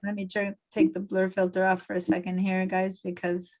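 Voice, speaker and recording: Brief: middle-aged woman from Argentina, design teacher on a video call, some vocal fry, chatty and explanatory. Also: medium pitch, completely flat delivery, normal speed, a little mellow, rough recording. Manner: chatty, explains step by step with many fillers. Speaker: design instructor. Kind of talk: online class teaching. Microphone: computer mic on a video call.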